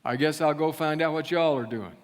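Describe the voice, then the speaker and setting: A man's voice: a little high, brisk, close to an everyday voice. A man voicing a skeptical, curious male friend with a Southern accent, who asks drawling, puzzled questions during a sermon. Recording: long church reverb.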